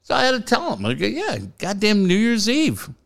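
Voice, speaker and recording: Late-40s man from San Diego, animated storyteller who swears freely and acts out the voices, somewhat high and lively in pitch. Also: a little fast, gravelly. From San Diego area, California. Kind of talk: casual chat.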